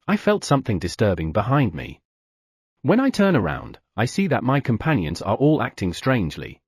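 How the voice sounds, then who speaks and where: Husky-voiced man reading an audiobook. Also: medium pitch, huge pitch swings, moderate pace, no echo, studio quality. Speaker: audiobook narrator. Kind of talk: first-person audiobook narration.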